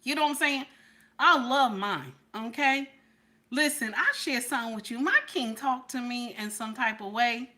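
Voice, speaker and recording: A middle-aged woman hosts a casual livestream chat in a fairly high, bright, sharp voice at a moderate pace. She's animated and playful with her viewers, laughing often, repeating herself and constantly checking in with "okay?"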